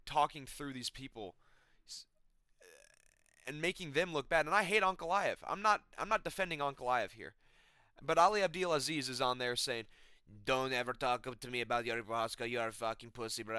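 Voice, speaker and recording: A man's voice: medium pitch, pushed and bright, dry recording, studio quality. A young man on his own channel, ranting about a fight in an exasperated, swearing way and repeating himself. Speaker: MMA commentator. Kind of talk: emotional rant. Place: his apartment.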